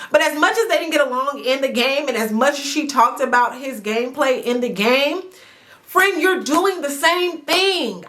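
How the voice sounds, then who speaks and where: Woman, high voice, bright tone, casual recap host, animated, chatty, talks to camera. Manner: animated, chatty, drawn-out emphasis, addresses the viewer directly. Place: indoors at home near a sunny window.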